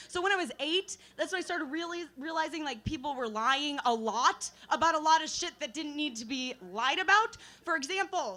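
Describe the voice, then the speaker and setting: Bright, high-voiced young woman doing stand-up. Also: lively intonation, moderate pace, hardly any pauses. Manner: self-deprecating storytelling, full of fillers and laughs. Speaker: stand-up comedian. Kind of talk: stand-up comedy set. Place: open mic night at a bar.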